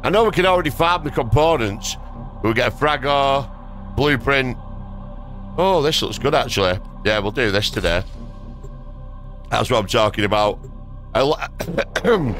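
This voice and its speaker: A man's voice: medium pitch, animated, unhurried, long pauses, fairly bright tone, faint music behind. A young man, rambling and swearing casually through gameplay commentary at his desk. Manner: rambling, sweary and self-mocking. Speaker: gaming video creator. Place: home desk. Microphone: dynamic microphone at a desk.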